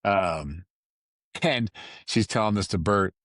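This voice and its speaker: A man hosts a solo podcast in a casual, rambling chat. His voice sits somewhat low and sounds dry and close to the mic. He drifts between asides in an easy, unhurried way. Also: a bit bright, no room sound. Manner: rambling, loose and conversational with fillers and asides. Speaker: podcast host.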